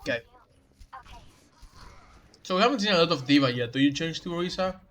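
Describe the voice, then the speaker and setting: A man with a fairly high, fairly bright voice speaks in a brisk, animated way as he coaches a player through a match replay. Working as a game coach reviewing the match, he explains tactics and keeps repeating the key advice over the gameplay.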